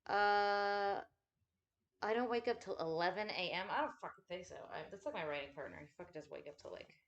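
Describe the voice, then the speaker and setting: A woman's voice: mid-range voice, a little fast, dull audio. A woman chatting casually at home while folding laundry, rambling and swearing freely with self-deprecating asides.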